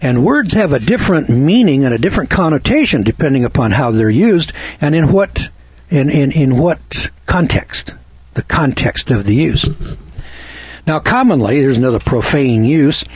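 An American man delivering an opinionated monologue, speaking slowly and deliberately, spelling out words and citing scripture references like a preacher. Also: medium pitch, expressive, breathy edge, dry recording, highs cut off. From United States. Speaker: commentator.

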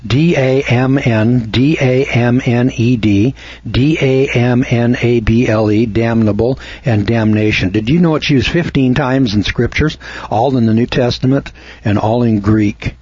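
Slow, husky-voiced American man lecturing. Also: mid-range voice, a little mellow, no echo, highs cut off. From United States. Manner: slow, deliberate, spells words out letter by letter; preachy, cites scripture references. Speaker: commentator. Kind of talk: opinionated monologue.

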